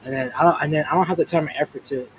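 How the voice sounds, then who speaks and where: A man talking in a casual podcast chat, blunt and slangy, often halting mid-sentence. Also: on the high side, steady tone, rough recording. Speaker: podcast co-host. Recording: faint background noise.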